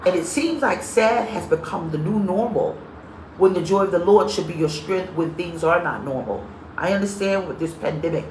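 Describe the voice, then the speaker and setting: A woman's voice: low-pitched, slight background noise. A woman pastor giving a live-streamed sermon, telling stories with humor and greeting viewers by name as she goes. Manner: lively, comedic storyteller. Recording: echoey room.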